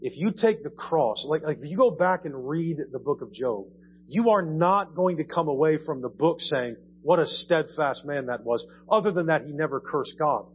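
A man's voice: fairly high pitch, lively intonation, moderate pace. A man preaching a sermon in a conversational way, repeating phrases and rising in emphasis. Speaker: pastor. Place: church. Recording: dull audio with faint hum.

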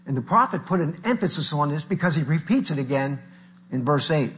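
A man's voice: fairly high pitch, lively intonation, brisk, a bit bright, a little hiss or hum. A man preaching a sermon in an earnest manner, now and then stopping to correct himself.

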